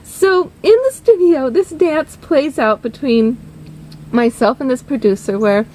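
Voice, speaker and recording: A woman singer telling a personal story in a casual, animated and expressive monologue. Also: high-pitched, unhurried, a little hiss or hum.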